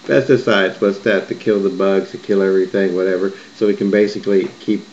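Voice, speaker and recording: A man's voice: low-pitched, fairly even intonation, a little fast, a little mellow, slight background noise. A man recounting a vision in a rambling, digressive monologue, often restarting and correcting himself. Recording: muffled lo-fi recording with faint background ambience.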